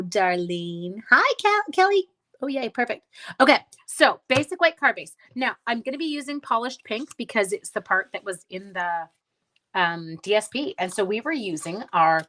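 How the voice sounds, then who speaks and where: A chatty woman with a bright, pushed mid-range voice runs a live card-making class. She greets viewers by name, tosses in self-deprecating asides, and rambles through stories while working in this casual craft stream.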